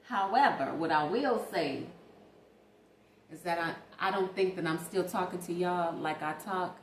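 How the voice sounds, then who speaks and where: A woman's voice: on the low side, a little slow. A young woman talking casually and animatedly straight to her viewers in a late-night vlog. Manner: chatty, animated, talks straight to viewers as "y'all". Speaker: vlogger. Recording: echoey room with faint ambient noise.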